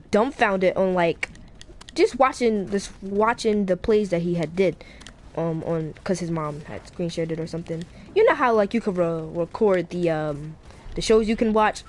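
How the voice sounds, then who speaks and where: A woman's voice: lowish voice, darkish tone. A woman YouTuber casually telling a fan-fiction story, rambling with many fillers and restarts.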